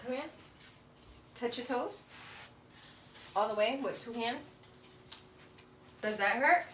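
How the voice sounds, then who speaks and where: A woman's voice: fairly high pitch, slow, fairly bright tone, a little hiss or hum. A woman talking casually with her young child and her viewers during a home livestream. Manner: chatty and motherly, talks to her child and to viewers. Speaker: livestream host and mother.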